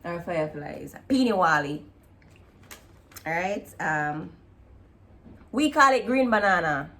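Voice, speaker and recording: A woman with a Jamaican accent hosting a casual video chat, relaxed and laughing often as she slips into patois. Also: lowish voice, slow pace. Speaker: vlog host. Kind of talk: casual chat comparing dialects.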